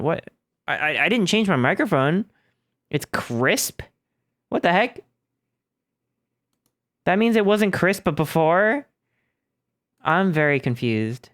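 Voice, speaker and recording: A man's voice: a little high, big pitch swings, takes it slowly, pauses often, fairly bright tone, dry recording, studio quality. A young man streaming from home into a desk microphone, rambling and joking about himself with lots of restarts. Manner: rambling, chatty, self-deprecating, with many restarts. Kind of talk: casual live-stream chat. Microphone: desk microphone through an audio interface.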